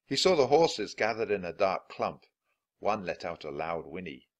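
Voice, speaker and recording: Low-voiced man reading a children's book. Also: big pitch swings. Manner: clear and deliberate for learners. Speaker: storybook reader. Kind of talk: children's book read-aloud.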